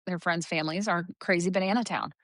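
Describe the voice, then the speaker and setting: A woman's voice: fairly low pitch, fairly even intonation, quick pace, fairly bright tone, dry recording, clean studio sound. A middle-aged woman co-hosting a casual parenting podcast, chatty and quoting herself in a sing-song voice. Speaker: podcast co-host.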